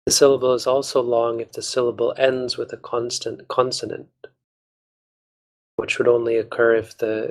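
A man, a Buddhist monk, patiently explaining a text to a study group in a measured way with small restarts. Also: mid-range voice, gravelly, low-quality recording.

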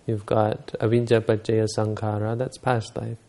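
A man's voice: on the low side, monotone, moderate pace, creaky, warm tone. A man giving a Buddhist dharma talk, telling stories and explaining teachings unhurriedly, using Pali terms.

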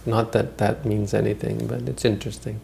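Gravelly low-voiced man giving a dharma talk. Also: level tone, a little fast, dark tone, a little hiss or hum. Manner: rambling, conversational, frequent restarts. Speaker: Buddhist teacher. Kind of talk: dharma talk, retelling stories.

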